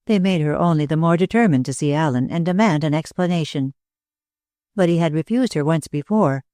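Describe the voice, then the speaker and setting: Audiobook narrator, measured, mid pitch, dry close recording. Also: dark tone, no room sound.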